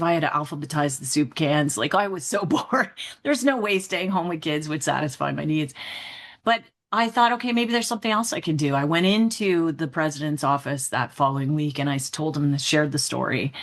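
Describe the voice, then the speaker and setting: A middle-aged woman, a trainer and author, telling candid personal stories as an interview guest and acting out her own past thoughts as she goes. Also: low-pitched. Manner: animated storyteller who acts out her own past thoughts; upbeat and candid, with frequent "like" and "right?". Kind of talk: casual interview storytelling.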